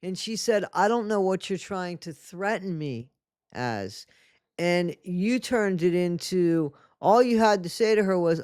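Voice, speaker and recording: A man's voice: sits high, expressive, unhurried, darkish tone, smooth, dry recording, clean studio sound. A man hosting a commentary channel, reacting indignantly and scolding the people he addresses.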